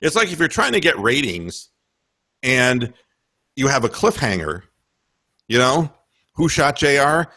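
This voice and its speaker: Guy ranting about football on radio, swings his pitch all over, swears a lot. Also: unhurried, pauses often. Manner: animated, rambling, swearing, breaks into mock voices. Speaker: radio talk host. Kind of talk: casual sports talk.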